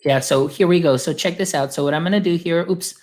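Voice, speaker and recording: A man's voice: fairly high pitch, fast, darkish tone. A man who works with teachers, giving an upbeat, chatty screen-share tutorial full of filler phrases. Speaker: guest demonstrating software; educator supporting teachers.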